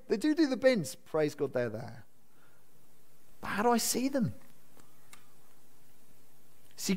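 Earnest man preaching a sermon. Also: a little high. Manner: earnest, asks the congregation questions, repeats key phrases. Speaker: pastor. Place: church building.

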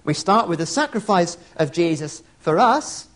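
A middle-aged man preaching with an earnest, chatty warmth of delivery. His voice sits fairly high and swings widely in pitch, rising and falling with his points. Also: lively intonation, normal speed. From England. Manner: earnest, conversational, storytelling asides. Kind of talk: sermon.

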